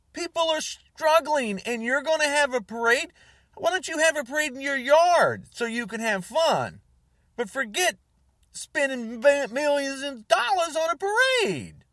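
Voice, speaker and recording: High, lively exasperated ranting man. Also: no room sound, clean studio sound. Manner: exasperated, sarcastic, heated. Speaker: political commentator. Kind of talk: ranting monologue to camera.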